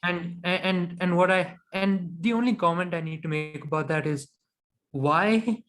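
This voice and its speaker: Higher-voiced guy on a podcast, chatty and opinionated, lots of ums. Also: steady tone, normal speed, a bit bright. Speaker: podcast co-host. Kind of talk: casual cricket chat.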